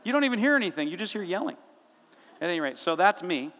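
A male pastor delivers a sermon with animated, humorous storytelling. His voice sits a little high for a man. The sound rings out with the long reverb of a large church room. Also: quick pace.

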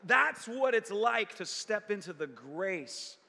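Brief: male preacher, sermon, high bright voice, dramatic dynamics, echoey hall. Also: very animated, takes it slowly, vocal fry. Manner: dramatic, swings from loud to hushed. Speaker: pastor.

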